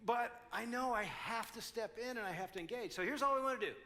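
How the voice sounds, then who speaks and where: A man's voice: extremely high pitch, fast talker, sharp tone, a little hiss or hum. A man in his sixties telling a self-mocking story about marriage conflict to a live conference audience, with lots of animation. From United States. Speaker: conference speaker.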